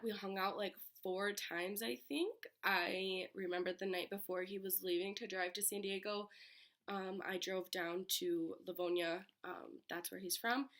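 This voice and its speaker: A young woman from Michigan, raspy from being sick, chatting casually on her bedroom floor into a laptop. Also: medium pitch, fairly bright tone. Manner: chatty, many filler "like"s. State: getting over being sick. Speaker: vlogger. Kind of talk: casual chat.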